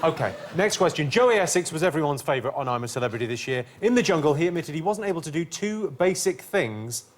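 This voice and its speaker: A British man hosting a comedy quiz, delivering scripted jokes deadpan. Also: a little high, quick pace. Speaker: quiz show host. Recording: studio with live audience laughter and noise.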